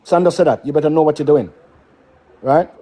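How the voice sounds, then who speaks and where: A man's voice: on the high side, brisk, warm tone. A middle-aged man with a Caribbean accent, talking emphatically as a guest on a casual live stream, often checking in with "yeah?" and "right?".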